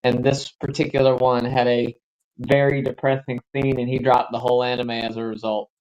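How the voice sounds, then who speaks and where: A man's voice: mid-range voice, flat delivery, moderate pace, a little mellow, lo-fi sound. A man co-hosting a livestream, chatting casually while gaming and telling rambling anecdotes with cautious recommendations. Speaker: livestream co-host.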